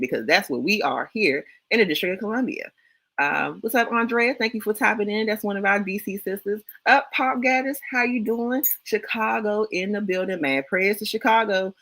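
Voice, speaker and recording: A man's voice: sits high, pushed and bright, no echo, low-quality recording. A man from Washington, D.C., with a local accent, co-hosting a casual livestream talk show and greeting viewers in the chat with slang.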